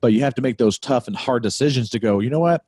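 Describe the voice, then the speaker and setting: A man's voice: medium pitch, fast, mellow, breathy edge, no room sound, studio quality. A man hosting a podcast interview, summing up and affirming what his guest said. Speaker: podcast host. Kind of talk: casual interview chat.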